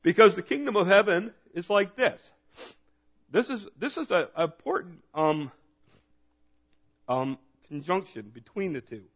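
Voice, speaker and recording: Gravelly-voiced man preaching informally. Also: sits high, expressive, a little slow, pauses often. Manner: informal, conversational preaching, reads scripture aloud and retells it in his own words. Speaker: pastor. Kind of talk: sermon. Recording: dull lo-fi recording.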